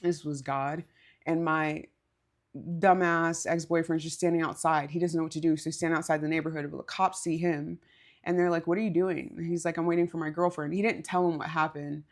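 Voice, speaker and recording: A woman's voice: sits low, flat delivery, a little fast. A woman co-hosting a podcast, telling a story in a candid, casual way, swearing and laughing as she goes. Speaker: podcast co-host.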